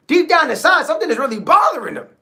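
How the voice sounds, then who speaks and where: A high, gravelly voice with a sharp edge, a sing-song rhythm, and a slightly quick delivery. The host gives a casual motivational talk over a livestream, repeating important lines and checking in with listeners often.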